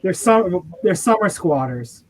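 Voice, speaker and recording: A man's voice: sits high, lively intonation, unhurried, rough recording. A man chatting casually and bluntly with friends, swearing now and then. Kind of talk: casual chat.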